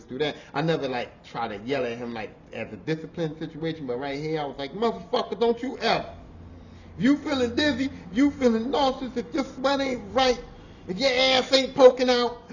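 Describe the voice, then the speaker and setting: Profane, animated man telling work stories. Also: fairly high pitch. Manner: profane, animated, laughing, swings from mutters to shouts. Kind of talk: casual storytelling. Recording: slightly dull audio with faint noise.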